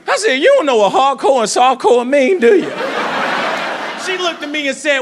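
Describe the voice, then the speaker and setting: A man performing a loud, animated stand-up set in a comedy club, telling stories full of voices and shouts. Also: very high voice, moderate pace. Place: comedy club with live audience. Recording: live club recording with crowd laughter and noise.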